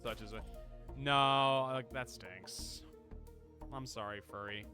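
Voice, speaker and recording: A man's voice: medium pitch, fairly even intonation, takes it slowly, music in the background. A man streaming a game, chatting casually, reading game text aloud and laughing often. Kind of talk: casual gameplay commentary.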